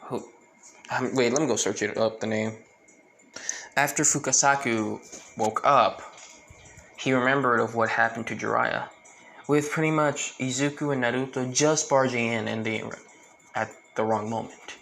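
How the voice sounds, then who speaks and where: A man narrates an improvised fan story in a mid-pitched voice. He rambles, loops back on himself and fills gaps with fillers, with a faint hiss behind him. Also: steady tone, moderate pace, creaky, pauses often, a bit bright, low-quality recording.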